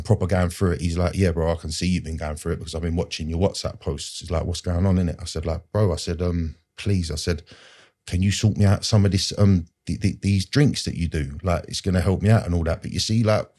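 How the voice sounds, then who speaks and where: A man tells his own story as a podcast guest. His voice sits low and mellow, and he talks in an earnest, rambling way. He is full of street slang and keeps repeating himself with "like" and "do you know". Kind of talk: personal story in conversation.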